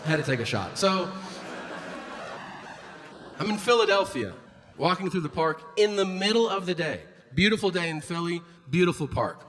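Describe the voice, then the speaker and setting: Animated man doing a stand-up set. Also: high voice, moderate pace, long pauses. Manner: animated storytelling, acts out voices and shouts. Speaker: stand-up comedian. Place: comedy stage before a live audience. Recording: live room with audience noise.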